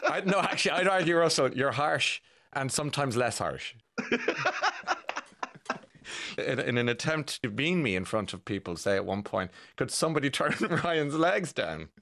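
A man's voice: mid-range voice, lively intonation, normal speed, gravelly, pauses often, a bit bright. A man hosting a radio interview, teasing his guest and laughing along. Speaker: radio host.

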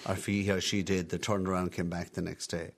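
A man's voice: low voice, level tone, fast talker, creaky. A middle-aged Irish man in an interview, reminiscing at length in a chatty, anecdotal way with frequent restarts. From Ireland. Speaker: interview guest, emigrant bar owner. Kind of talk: reminiscing conversational storytelling.

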